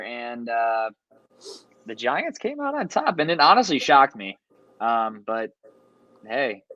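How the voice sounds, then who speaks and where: A man's voice: medium pitch, a bit bright, no echo. Casual sports podcast guy, jokey, muffled dry mic. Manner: joking, teasing, hesitant with fillers. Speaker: podcast co-host. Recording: dull, dry mic sound.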